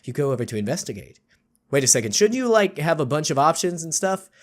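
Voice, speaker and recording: A man's voice: a little high, sing-song, quick pace. A man reading a text game aloud with jokey, sarcastic, rambling asides. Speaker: YouTube gamer.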